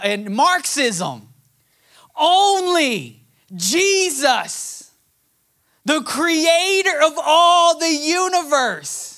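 A man's voice: extremely high pitch, bright, forceful tone. A man preaching a sermon, reading scripture aloud and building to emphatic, passionate points. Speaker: pastor.

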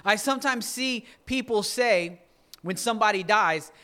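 A man preaching a conversational sermon, his voice a touch high and very bright. He jokes freely and often restarts his sentences mid-thought. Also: lively intonation, normal speed, clean tone. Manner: joking, with frequent restarts. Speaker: pastor.

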